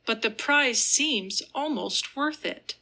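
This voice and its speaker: A woman's voice: on the high side, lively intonation, takes it slowly, bright, forceful tone, exaggerated voice. A woman reading the part of a tormented young man, speaking earnestly and with passion. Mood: brooding. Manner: earnest, impassioned declaring.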